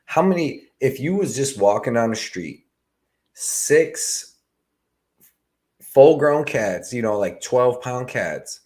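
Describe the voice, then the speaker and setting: A man with a picked-up Southern US accent, co-hosting a casual live stream and telling animated stories full of "like" and "man". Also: medium pitch, slow, pauses often. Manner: animated, storytelling, lots of "like" and "man". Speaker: co-host.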